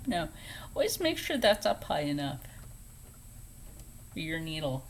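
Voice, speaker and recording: A woman hosting a casual step-by-step sewing tutorial, chatty and playful, dropping into soft whispered asides as she works at a home sewing table. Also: sits low, big pitch swings, measured pace, a little hiss or hum. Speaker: sewing channel host.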